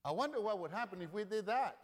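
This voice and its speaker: A man preaching a sermon, repeating lines, swelling loud and falling quiet. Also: high voice, lively intonation, fast talker. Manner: rousing preaching with repetition, rising and dropping in volume. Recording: long reverb of a large hall.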